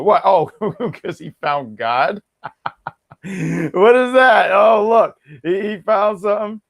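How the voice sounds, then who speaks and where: A man's voice: high voice, takes it slowly, vocal fry. A man co-hosting a wrestling podcast, chatting casually with a joking, mock-boastful manner. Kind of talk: casual chat.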